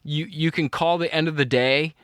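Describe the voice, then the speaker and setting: A man's voice: fairly high pitch, fairly even intonation, normal speed, a bit bright, clean tone, no room sound, studio quality. A middle-aged man co-hosting a podcast, telling a rambling story in casual chat and laughing at his own anecdote. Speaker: podcast co-host.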